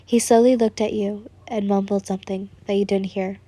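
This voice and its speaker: A woman reading a fan story aloud as narrator, in a calm, even way. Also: medium pitch, normal speed, no echo.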